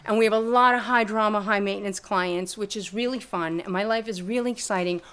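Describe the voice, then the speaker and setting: A middle-aged woman telling her story in an interview, blunt and profane, with lively retellings of conversations. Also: medium pitch, brisk, clear, resonant tone. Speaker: guest, music lawyer and teacher. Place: room with a live audience.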